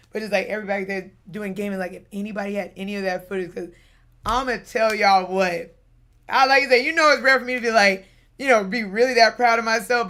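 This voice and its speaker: A young woman streaming live, telling a long rambling story in casual chat, full of fillers and lively asides. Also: mid-range voice.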